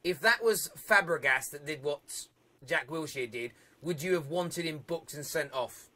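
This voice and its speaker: A young man hosts a live football phone-in, chatting with callers and reading out viewer comments. His voice sits high and sounds bright and forceful, and he laughs loudly and often. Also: moderate pace. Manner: reads viewer comments aloud. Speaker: phone-in show host.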